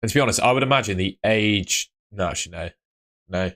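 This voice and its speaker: A man's voice: on the low side, fast talker, a bit bright. A man chatting casually on a live fantasy football stream, rambling and answering viewers by name, tired after a long day. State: tired, yawning.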